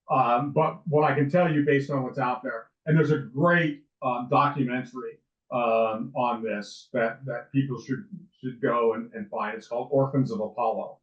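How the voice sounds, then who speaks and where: A man in his sixties, a lawyer and interview guest, telling stories in a rambling way with many restarts and fillers. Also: medium pitch. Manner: rambling, with frequent restarts and ums. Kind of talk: casual interview storytelling. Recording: distant, roomy, dull sound.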